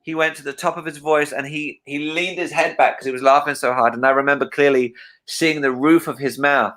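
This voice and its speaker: A man's voice: on the high side, brisk. A man hosting a livestream, telling a story casually with many fillers and restarts. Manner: rambling, many fillers and restarts, animated when quoting. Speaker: livestream host.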